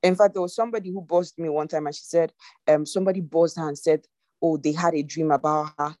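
A woman's voice: low-pitched, steady tone, quick pace, mellow, no echo. A woman preaching an earnest, exhorting sermon to an online congregation over a video call. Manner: earnest, exhorting, often rising in emphasis. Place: online meeting.

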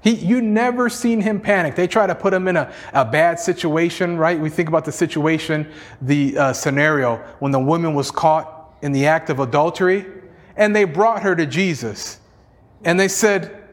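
A man's voice: fairly high pitch, moderate pace. A male pastor preaching a sermon in an emphatic, repetitive style, sprinkled with "you know" and small chuckles.

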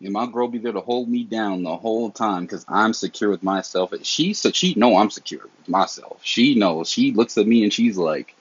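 A man's voice: on the low side, normal speed, hardly any pauses, slightly rough, no echo. A young man from the American South with a Southern accent, hosting a casual solo podcast and talking in a candid, slangy, earnest way. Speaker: podcast host. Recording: dull lo-fi dry sound.

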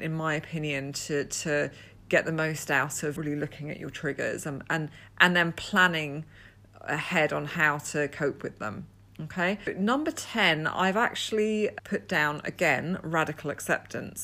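Low-voiced woman hosting a podcast. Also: a bit bright. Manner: earnest, repeats words when restarting. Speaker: podcast host. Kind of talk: solo podcast monologue.

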